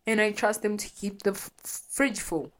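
A woman's voice: mid-range voice, steady tone, moderate pace. A young woman hosting a solo confessional podcast, speaking bluntly and candidly and swearing freely. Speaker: podcast host.

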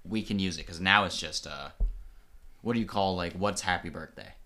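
A man hosting a casual podcast, joking and riffing in quick banter with his guest. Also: deep voice, sharp tone. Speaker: podcast host.

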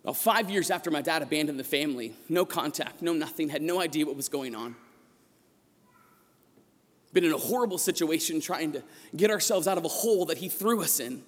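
Man, priest, sermon, husky, impassioned storytelling, long church reverb. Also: a little high, lively intonation, a little fast. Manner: impassioned storytelling, rising to shouts at peaks. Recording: long echo of a large church.

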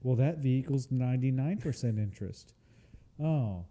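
A man's voice: mid-range voice, moderate pace. A man co-hosting a podcast, telling stories in casual, profane chat. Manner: profane, animated storytelling. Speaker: podcast co-host.

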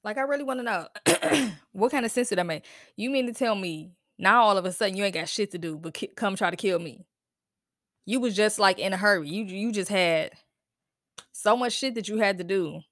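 A woman rants alone on her podcast, blunt and full of profanity. She fires off disbelieving questions in a voice of middling pitch. The close mic sounds dry, with no room around it. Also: moderate pace, fairly bright tone, no room sound. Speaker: podcast host. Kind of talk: casual solo podcast rant.

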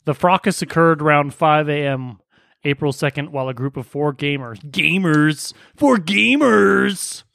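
A man's voice: a little high, steady tone, brisk, a bit bright, no echo, studio quality. A man co-hosting a comedy podcast, reading news stories aloud and cracking profane jokes between them. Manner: profane, joking, reads news aloud with asides. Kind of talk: casual comedy podcast banter.

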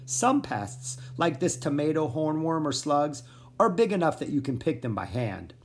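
Children's book reader, expressive, lively pitch swings, storytelling. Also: normal speed, a little hiss or hum. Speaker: audiobook narrator. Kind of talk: children's chapter book reading.

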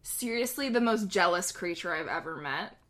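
A woman's voice: lowish voice, animated, normal speed, fairly bright tone. A young woman co-hosting a casual podcast, rambling through stories with lots of giggling. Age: young adult. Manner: giggly, rambling storytelling with frequent laughter. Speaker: podcast co-host. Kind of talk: casual chat.

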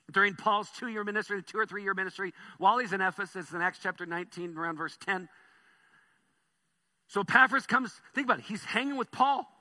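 A man preaching a sermon as pastor, telling stories with animated swings between soft and loud delivery. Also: very high-pitched.

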